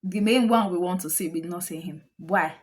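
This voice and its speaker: A woman's voice: lowish voice, fairly quick. A woman with a Nigerian accent, hosting a casual reaction commentary and chatting directly to her viewers as family, repeating points for emphasis. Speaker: commentary host.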